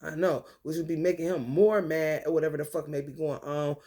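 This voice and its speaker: A woman talking in a rambling, casual monologue, profane and free-associating, with an animated delivery. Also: deep voice, fast talker.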